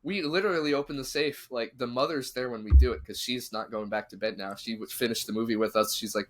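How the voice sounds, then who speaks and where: This podcaster talks fast in a mid-range voice, barely pausing as he recounts a spooky story casually. He animatedly acts out the things the story's people said.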